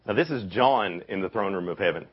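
A young man with a deep, husky voice preaches to a youth camp, storytelling with animated energy and acting out the quotes. The sound is dull and lo-fi. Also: fairly quick. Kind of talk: casual youth sermon. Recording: dull lo-fi recording.

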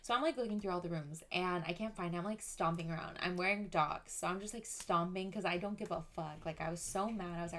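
A woman's voice: fairly low pitch, fairly quick, few pauses. A young woman hosting a podcast, casually telling a story with lots of "like" and cursing. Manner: swearing, animated, filler-heavy "like". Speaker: podcast host.

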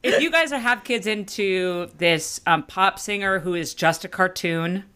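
A middle-aged woman and mother telling a comic story in casual chat, acting out her daughter and herself in sudden high, laughing voices. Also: unhurried, clear, resonant tone. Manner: animated, acts out quotes with big pitch jumps, laughing.

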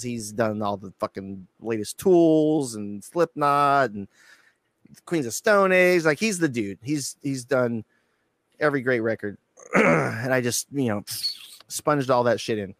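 A man telling a profane, animated story as a guest on an interview show, acting out quotes. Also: mid-range voice, no echo. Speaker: guitarist guest.

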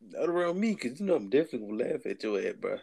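A man's voice: medium pitch, sing-song, racing, gravelly, a little mellow, slightly rough, dry recording, clean studio sound. A man co-hosting a casual podcast, joking with blunt, profane quips. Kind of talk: casual chat.

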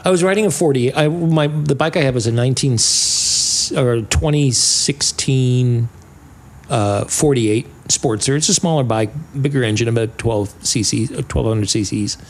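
A man with a husky, slightly rough voice, talking in a relaxed conversation. He rants with heavy profanity and slips into mocking impressions of other people. He speaks as a committed motorcycle club rider. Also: mid-range voice, moderate pace. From California. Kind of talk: casual podcast chat.

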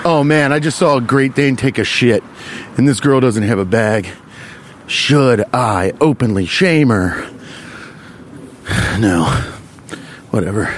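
A young man rambles through a crude comic story as he walks outdoors, with a lively, swooping delivery and a slightly high voice. Faint traffic sounds drift behind him. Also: slow, long pauses. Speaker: vlogger. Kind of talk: casual comedic storytelling while walking. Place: outdoors, walking on a street.

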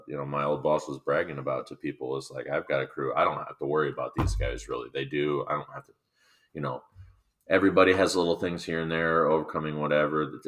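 A man's voice: extremely low pitch, a bit bright. A man in his thirties co-hosting a casual chat, telling profane work stories and acting out his coworkers. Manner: profane storytelling, acts out quoted coworkers. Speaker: podcast co-host.

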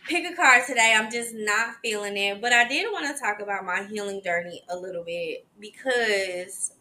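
A young adult woman hosts her own podcast, talking in a loose, chatty and expressive way. Her voice is bright and forward, with a faint hum of room ambience behind it. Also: medium pitch. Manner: chatty, expressive, exasperated laughs and sighs. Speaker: podcast host. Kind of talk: casual solo podcast talk.

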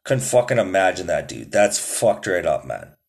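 A man's voice: low-pitched, big pitch swings, normal speed, gravelly. A man hosting his own podcast in loose, rambling casual chat, swearing a lot and calling listeners "dude". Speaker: podcast host.

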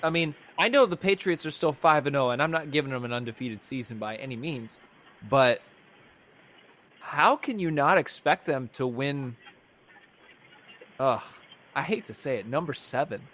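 A man's voice: mid-range voice, animated, normal speed, long pauses, fairly bright tone, a little hiss or hum. A man co-hosting a casual sports fan reaction podcast, rambling and exasperated, with frequent restarts. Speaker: podcast co-host.

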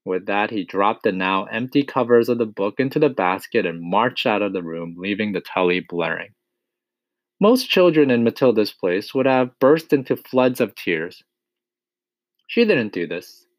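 Low-voiced male narrator for a storybook, steady and expressive, dry close recording. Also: normal speed, dry recording. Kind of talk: storybook reading aloud.

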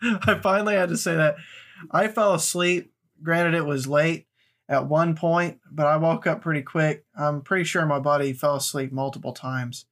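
Casting note: male podcast host, a bit higher-pitched than average, blunt and rambling movie talk. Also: fairly bright tone. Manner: rambling, blunt, restarts often. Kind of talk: casual movie chat.

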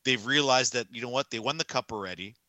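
A man holds forth on a casual sports podcast, emphatic and ranting, circling back to the same point for effect. His voice is very bright and cutting, and the sound is close and completely dry. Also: mid-range voice, quick pace, no room sound. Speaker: podcast co-host.

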